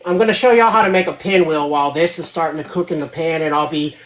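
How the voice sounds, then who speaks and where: A woman's voice: low voice, fast. A woman hosting a casual live cooking demo from her home kitchen, chatty and checking in with her viewers as she goes. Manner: chatty, keeps checking in with 'right?'. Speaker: host of a home cooking show.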